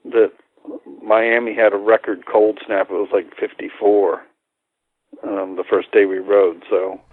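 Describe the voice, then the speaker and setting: Man, interview guest, relaxed and friendly, tinny phone-line sound. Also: on the low side, measured pace, no echo. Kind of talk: casual interview chat.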